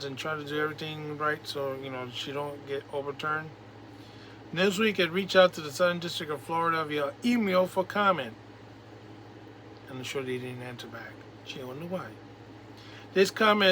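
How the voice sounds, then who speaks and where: A man's voice: fairly high pitch, sharp tone, slight background noise. A man reading a news article aloud, tripping over names and breaking off for sarcastic remarks of his own. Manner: stumbles over names and words, adds sarcastic asides. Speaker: political commentary host.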